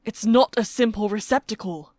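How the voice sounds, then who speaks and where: A woman's voice: mid-range voice, normal speed, a little mellow, no room sound, studio quality, close to an everyday voice. A woman voicing an urgent, guilt-ridden young man in an audiobook.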